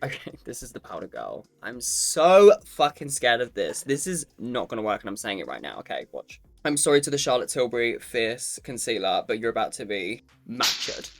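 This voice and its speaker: A man's voice: medium pitch, sing-song, moderate pace, creaky, hardly any pauses. A man reviewing makeup to camera in a casual, campy and sassy way, swearing freely and calling the viewer "girl". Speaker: makeup vlogger.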